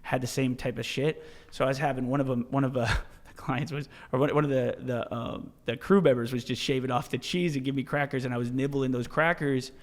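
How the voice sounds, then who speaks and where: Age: adult. Sex: man. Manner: profane, animated storyteller. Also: mid-range voice, a little fast, hardly any pauses. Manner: animated, profane, many restarts and "dude". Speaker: podcast guest, ultra-marathon runner. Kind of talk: casual storytelling.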